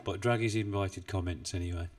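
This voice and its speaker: A man's voice: low voice, fairly even intonation, a little fast, darkish tone, recorded from a distance. A man chatting casually on a trading live stream, rambling and self-deprecating, with frequent chuckles. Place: home desk in the UK. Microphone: desk mic, not well placed.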